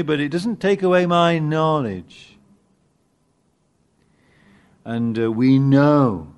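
A man preaching a sermon, animated and emphatic at times, with halting restarts as he searches for words. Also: a little high, clear, resonant tone. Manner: animated, rising to emphatic peaks.

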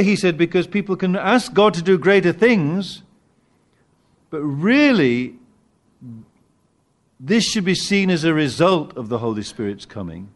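A man preaching a sermon, animated and emphatic at times, with halting restarts as he searches for words. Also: fairly high pitch. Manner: animated, rising to emphatic peaks.

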